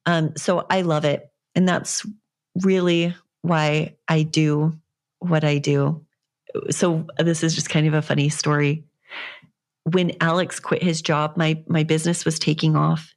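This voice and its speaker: Low, gravelly-voiced woman podcaster. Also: level tone, measured pace. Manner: earnest, encouraging, rambling. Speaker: fitness coach and podcast host. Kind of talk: casual solo podcast monologue.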